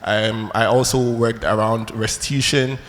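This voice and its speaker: A man introducing himself as a gallery director on a panel in a large hall, formal and measured. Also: mid-range voice, steady tone, a bit bright. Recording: long hall reverb, faint noise.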